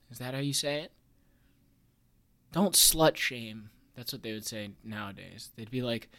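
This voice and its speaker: A man's voice: mid-range voice, moderate pace, a bit bright. Podcast host, man in his 30s, rambling and wry, plenty of ums and false starts. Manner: rambling, filler-heavy, self-interrupting; wry, chuckles at his own jokes. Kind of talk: casual podcast chat.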